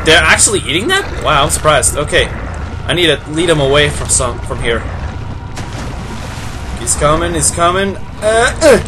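A man giving horror game play-by-play, panicking and repeating words in rapid bursts. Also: a little high, lively intonation, noisy background. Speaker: gameplay commentator. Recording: game music playing behind.

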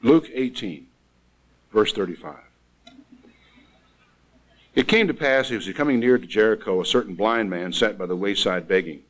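A man preaching a sermon in an emphatic way, swinging from loud exclamations down to quiet asides. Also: fairly low pitch, normal speed, pauses often, low-quality recording.

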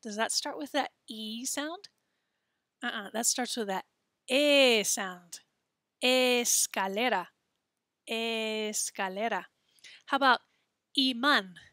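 Female teacher, children's language lesson, slow careful delivery, bright voice, dry close sound. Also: fairly high pitch, dry recording. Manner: slow, clearly enunciated, encouraging. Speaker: Spanish teacher.

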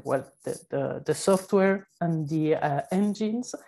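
A woman with a French accent giving a conference presentation, speaking haltingly with many fillers and self-corrections. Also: sits low, creaky, mellow, low-quality recording. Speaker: panel speaker.

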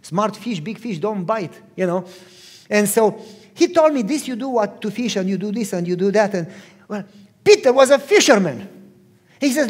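A man's voice: sits high, moderate pace, slightly rough. A man preaching a sermon as a pastor, telling stories and putting questions to his listeners. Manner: animated storyteller, asks the audience questions. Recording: long hall reverb.

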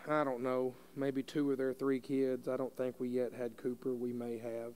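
A middle-aged man, preaching a sermon as a pastor. He tells a folksy family story, then rises into forceful preaching. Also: mid-range voice.

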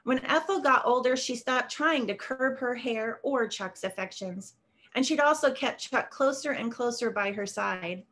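A woman author reading her own short story aloud in a measured, steady way on a video call. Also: fairly high pitch. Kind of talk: literary reading.

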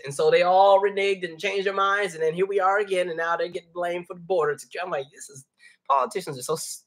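A man's voice: high-pitched, a little fast, fairly bright tone. A man hosting a livestream, talking casually with his viewers and calling them y'all. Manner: conversational, addresses viewers as y'all. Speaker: livestream host reading chat. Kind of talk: casual chat.

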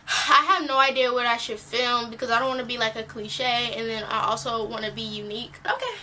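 A teenage girl vlogging casually, telling a rambling, animated story full of fillers. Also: fairly high pitch, fairly quick, a little hiss or hum. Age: teen.

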